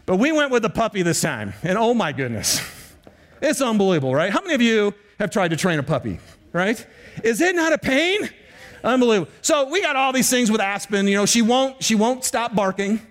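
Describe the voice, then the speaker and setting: Animated high-voiced male pastor. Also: a little fast. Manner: animated storytelling, addresses the congregation often. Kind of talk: sermon.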